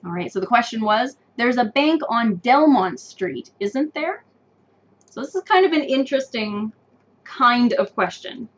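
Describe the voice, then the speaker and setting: A woman teaching an online English test-prep lesson, patient and encouraging, repeating each answer slowly. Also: mid-range voice, lo-fi sound.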